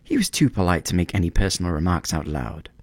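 A man reading a storybook aloud in a measured, expressive way. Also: deep voice, no echo.

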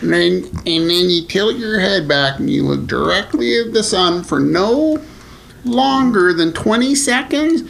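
Man putting on a slow folksy quack-remedy preacher. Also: sits high, expressive, vocal fry, a bit bright, voice pushed up, exaggerated voice. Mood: mock-solemn.

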